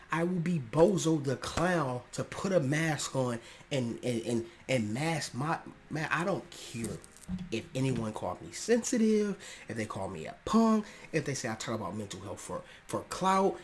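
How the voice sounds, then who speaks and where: Earnest podcast host, passionate and slangy. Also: male voice, mid-range voice, expressive, normal speed, a little hiss or hum. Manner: earnest, passionate, rising to emphatic outbursts; casual slangy speech with restarts. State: clearing his throat often. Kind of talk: personal monologue on mental health.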